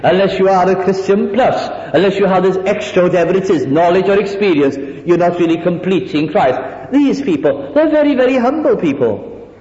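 Man preaching a sermon, high voice jumping all over, dull old recording w/ lots of room echo. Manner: animated, drops to mimicking soft humble voices. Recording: echoey hall, dull lo-fi sound.

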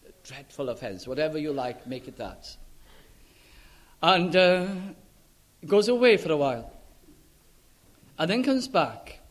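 A man preaching a sermon in an earnest, emphatic way, stretching key words and letting his voice sink low and soft at the ends of phrases. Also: big pitch swings, measured pace, pauses often.

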